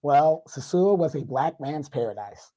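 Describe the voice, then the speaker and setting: A man with a congested, hoarse voice, guesting on a livestream discussion and ranting in mock outrage. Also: fairly high pitch, lively intonation, measured pace, mellow, poor audio. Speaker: guest commentator.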